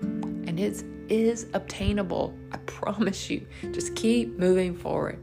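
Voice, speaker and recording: A woman's voice: medium pitch, measured pace, creaky, over music. A woman life coach and podcast host giving an earnest, encouraging faith-based motivational talk to her listeners.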